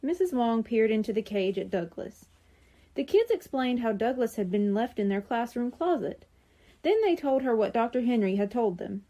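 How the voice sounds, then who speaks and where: A woman reads a children's chapter book aloud for a library. Her mellow voice sits fairly high and moves expressively. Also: normal speed. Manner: expressive, clear storytelling. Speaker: library storyteller.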